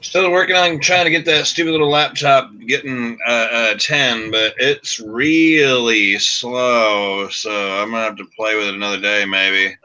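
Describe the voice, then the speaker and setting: A man chatting casually about beer and family on a video call, laid-back and quick to laugh. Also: mid-range voice, sharp tone, lo-fi sound. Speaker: beer review show host. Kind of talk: casual chat.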